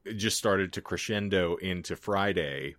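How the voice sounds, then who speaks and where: A man's voice: deep voice, unhurried, fairly bright tone, no room sound. A man co-hosting a casual podcast, rambling and joking crudely, a little congested from a recent cold. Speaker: podcast co-host. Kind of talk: casual chat.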